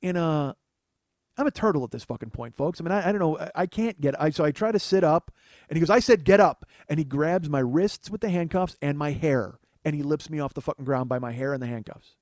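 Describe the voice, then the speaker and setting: A man's voice: fairly high pitch, brisk, no echo. Man swearing through a wild story. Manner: profane, animated storytelling. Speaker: comedian podcast host. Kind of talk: storytelling monologue. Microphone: studio microphone.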